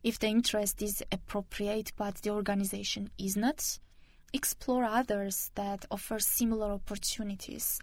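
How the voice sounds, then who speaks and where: A woman hosting a radio show, reading a scripted segment in a steady, measured way. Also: medium pitch, no room sound.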